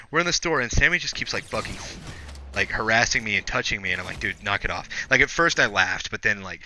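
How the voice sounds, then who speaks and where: A man's voice: mid-range voice, sharp tone, slight background noise. A young man streaming a shooter game, telling a long story in a loose, profane way between plays. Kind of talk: rambling story told while gaming.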